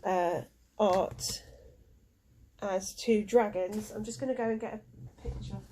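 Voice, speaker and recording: A woman giving a spiritual card reading, emotional and halting, with many fillers. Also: mid-range voice, steady tone, mellow, a little hiss or hum. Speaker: tarot card reader.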